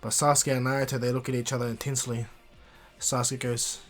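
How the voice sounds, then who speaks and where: A man's voice: mid-range voice, level tone, brisk, soft background music. A man casually improvising a fan story, rambling with fillers and restarts.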